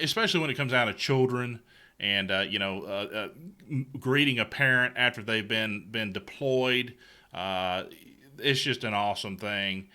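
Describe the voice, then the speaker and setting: A man with a Southern US accent hosting a casual good-news show, folksy and excitable, often stammering and repeating words. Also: medium pitch.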